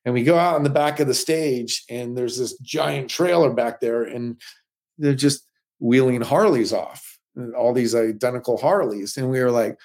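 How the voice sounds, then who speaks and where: A middle-aged man spins a lively story from his stunt career in a relaxed interview. He talks casually at an average pitch and acts out quotes from other people as he goes. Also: moderate pace. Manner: animated anecdotes with quoted voices. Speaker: stuntman guest.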